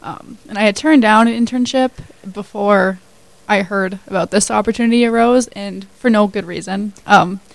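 A woman's voice: medium pitch, moderate pace, vocal fry, no echo, poor audio. A woman in her twenties, a new hire telling her story as a guest in a casual radio interview, chatty with many fillers. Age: 20s.

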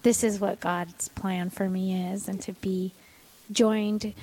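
A woman's voice: mid-range voice, little pitch movement, slow, dark tone, husky, poor audio. A woman hosting an interview, asking questions in an encouraging way. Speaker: host.

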